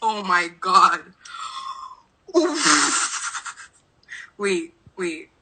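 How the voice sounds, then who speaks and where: A woman's voice: on the low side, very animated, drawn-out words, very noisy. A young woman from Montreal with a Québécois accent, frantic and starstruck on a live phone video call. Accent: Québécois French. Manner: starstruck, frantic, switches between English and French. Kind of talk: excited live chat.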